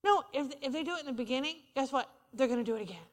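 Speaking at a racing clip with high pitch and lively intonation, a woman delivers a humorous, conversational sermon, calling on the congregation for responses. It was recorded in a church sanctuary with reverberant, hall-like acoustics.

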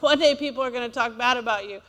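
A woman's voice: on the high side, quick pace, sharp tone, long reverb tail. A woman preacher, delivering a sermon in a church and asking the congregation for amens. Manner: call-and-response preaching, asks for amens.

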